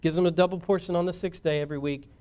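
Brief: male pastor, sermon, high-pitched, calls for amens, booms then drops to a hush. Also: steady tone, rapid-fire. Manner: swings between loud exhortation and hushed earnest talk.

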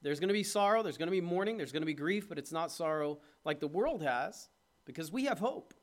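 High-voiced pastor preaching. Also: male voice, expressive, brisk. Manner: impassioned preaching, swings between loud urging and soft tenderness. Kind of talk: sermon.

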